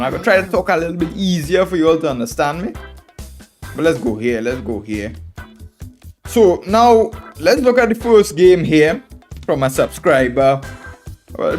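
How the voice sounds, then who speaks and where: A man with a strong Trinidadian accent, chatting on a live chess stream in a boisterous, drawling way and tagging "man" onto his sentences. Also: on the high side. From Trinidad and Tobago. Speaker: chess streamer, international master. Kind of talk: casual live stream chat.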